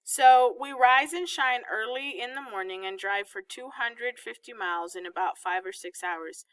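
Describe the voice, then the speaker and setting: A woman reading as an organized, patient mother who calmly explains a trip plan step by step. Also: fairly high pitch, moderate pace, no room sound, close to an everyday voice. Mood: explaining plans.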